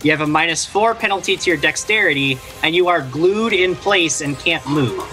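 A man's voice: on the high side, animated, normal speed, music in the background. A man playing a tabletop game, explaining rules and narrating his character's actions casually. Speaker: player.

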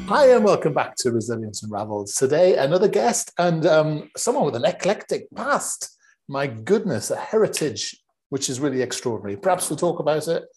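A man's voice: a little high, very animated, brisk, a little mellow, faint music behind. A man hosting a podcast interview, upbeat and chatty. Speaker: podcast host.

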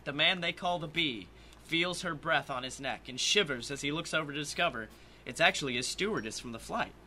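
Man, podcast co-host, swaggering comic narration, very bright tone, slightly high, faint hiss. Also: a little fast. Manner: swaggering, theatrical narration with bursts of laughter. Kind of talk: comic fan-fiction reading.

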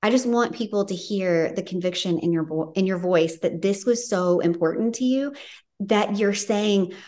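A woman's voice: mid-range voice, normal speed, a little mellow. Effusive, emotional woman podcast host. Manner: effusive, emotional, gushing praise. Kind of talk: casual interview chat.

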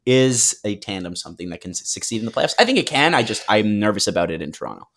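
A man's voice: on the low side, big pitch swings, quick pace, a bit bright. A man co-hosting a casual sports podcast, venting in an exasperated, profane way and mimicking pundits. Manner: exasperated, profane, mock-quoting. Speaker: podcast co-host. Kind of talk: casual chat.

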